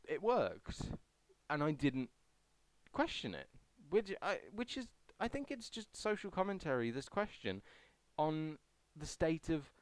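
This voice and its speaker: A man's voice: on the high side, clear, resonant tone, no echo. A young man vlogging casually as he answers a survey, chatty and rambling with self-deprecating asides. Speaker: YouTuber.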